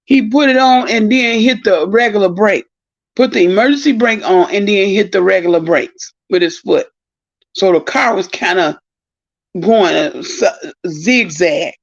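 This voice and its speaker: A middle-aged woman telling a long, animated story in a casual live-stream monologue, exclaiming and rambling. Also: mid-range voice, a little slow. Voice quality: gravelly, husky. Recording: dull lo-fi sound.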